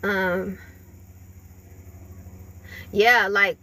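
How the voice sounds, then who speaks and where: Drawing out her words in a pushed, bright, medium-pitched voice with fairly even intonation, a spiritual reader talks to her viewers. Her casual reading wanders loosely, packed with fillers and bursts of laughter.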